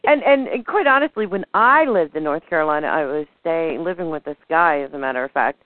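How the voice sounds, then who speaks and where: A woman's voice: deep voice, lively intonation, a little fast, dry recording. A woman telling open, outspoken stories in casual chat, laughing as she goes. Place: Florida. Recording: tinny phone line, dry.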